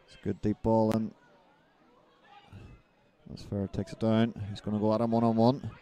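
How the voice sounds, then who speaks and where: Low, mellow football commentator. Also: male voice, flat delivery. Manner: brisk, rises with the action. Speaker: play-by-play commentator.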